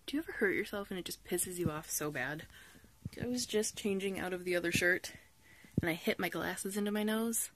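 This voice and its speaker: Chatty woman vlogging, low-pitched. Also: normal speed, fairly bright tone, slight background noise. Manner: chatty, upbeat and self-mocking. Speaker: book vlogger. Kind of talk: casual vlog chat to camera.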